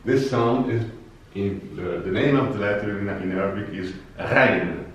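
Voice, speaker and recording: A man teaching a language lesson, speaking slowly and carefully and repeating words for learners. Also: lowish voice, fairly bright tone. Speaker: Arabic teacher. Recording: echoey distant room, dull sound.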